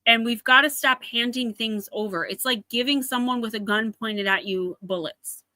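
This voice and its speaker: Bright-voiced New Jersey woman reading oracle cards. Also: on the high side, moderate pace, no room sound. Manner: chatty, speaks directly to viewers by name. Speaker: oracle card reader. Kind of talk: live oracle card reading.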